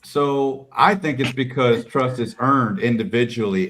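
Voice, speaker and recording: A man's voice: medium pitch, measured pace, hardly any pauses, a bit bright. A man in a casual online debate making a provocative point and insisting on being heard, over a call mic. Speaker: debate participant. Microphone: video call mic.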